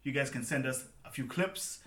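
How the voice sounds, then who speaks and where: Upbeat bright-voiced podcast host, echoey. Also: male voice, medium pitch, normal speed. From Zimbabwe. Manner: energetic, upbeat, laughs often. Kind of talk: casual podcast chat.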